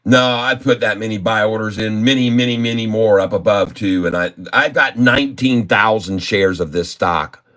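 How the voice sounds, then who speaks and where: A man vlogging his day trading live, grumbling and cursing at his trading software. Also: fairly low pitch, moderate pace. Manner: grumbling, cursing, exasperated muttering. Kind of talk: casual live trading commentary.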